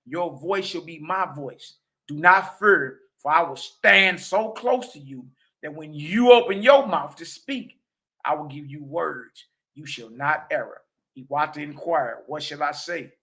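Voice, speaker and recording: A man teaching a religious lesson, reading passages slowly and commenting in a casual, emphatic way with repeated catchphrases. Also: fairly high pitch, bright, forceful tone.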